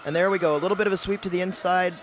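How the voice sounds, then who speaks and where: A man commentating roller derby live, giving steady play-by-play with dry quips. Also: high voice, rapid-fire, noisy background.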